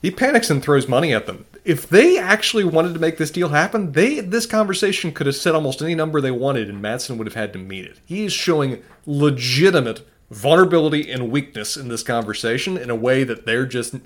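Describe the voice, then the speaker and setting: A man's voice: on the high side, animated, a little fast. A man co-hosting a podcast, analysing an episode in casual chat with frequent restarts. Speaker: podcast co-host.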